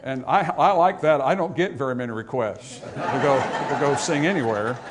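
A pastor giving a funeral sermon, telling a story and explaining scripture in a conversational way. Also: male voice, mid-range voice, moderate pace.

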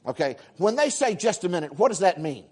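A man delivering a sermon in a slightly high voice, swinging between loud acted-out exclamations and soft asides. He tells homely stories, stumbling over repeated words as he goes. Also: sing-song, fairly quick, husky. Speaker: preacher. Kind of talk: sermon storytelling.

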